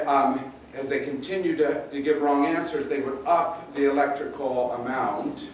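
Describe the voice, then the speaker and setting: A pastor preaching a sermon in a conversational, halting way, often repeating words. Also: male voice, on the high side, a little hiss or hum. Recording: roomy echo, distant mic, faint ambience.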